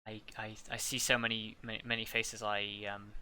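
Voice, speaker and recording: A man voicing a forgetful, polite middle-aged noblewoman who speaks in halting, apologetic stops and starts. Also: lowish voice, monotone, bright, forceful tone, a little hiss or hum. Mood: gracious.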